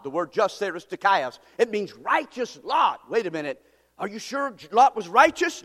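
A man preaching a sermon as pastor, emphatic, swelling louder and higher on key words. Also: sing-song, moderate pace, long reverb tail.

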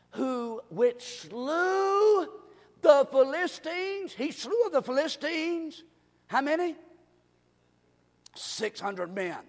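A male pastor preaching a revival sermon, swinging between quiet asides and shouted exhortation in a church sanctuary. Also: very high-pitched. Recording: long reverb of a church hall.

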